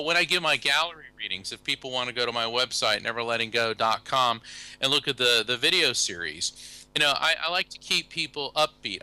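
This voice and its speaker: An American man, a guest on a talk show, telling anecdotes in a casual, animated way and acting out the people he quotes. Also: medium pitch, clean tone, rough recording. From USA. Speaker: guest, psychic medium and lawyer. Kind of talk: casual storytelling interview.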